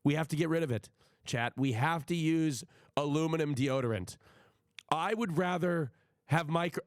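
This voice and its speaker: A man's voice: a little high, dry recording, studio quality. A man streaming live, ranting to his chat in a profane, emphatic way with frequent stammering restarts. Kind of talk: casual livestream rant to chat.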